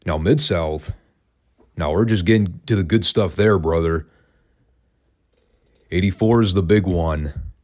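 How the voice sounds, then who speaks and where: A man's voice: low-pitched, a little slow, long pauses, a little mellow. A man hosting a solo podcast, talking in a wry, sarcastic, conversational way. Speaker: wrestling podcast host. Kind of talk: casual commentary, solo podcast.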